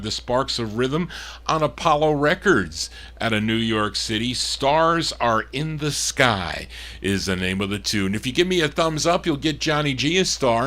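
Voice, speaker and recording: A man hosting a record show, introducing songs and reading out listener requests in a chatty, relaxed way with the odd chuckle. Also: mid-range voice. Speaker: radio-style record show host. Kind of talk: casual disc jockey patter.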